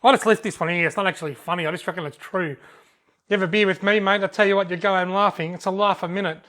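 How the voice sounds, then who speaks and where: A man's voice: sits high, fairly even intonation, quick pace, a bit bright. A man with an Australian accent, joking and laughing as he reads out viewer comments on his fishing videos. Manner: jokey, laughs often, drawls words out. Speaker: fishing channel host. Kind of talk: casual chat reading out comments.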